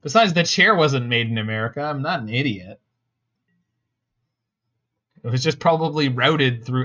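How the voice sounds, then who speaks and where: A man's voice: mid-range voice, lively intonation, moderate pace, pauses often, sharp tone, dull audio. Wry man streaming a card game. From Canada. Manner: wry, joking, answers chat. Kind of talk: casual gameplay commentary.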